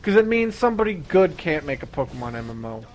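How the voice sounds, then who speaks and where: A young man with a high-pitched voice rants through his gaming stream in a fast, excitable, profane rush, constantly hyping himself up.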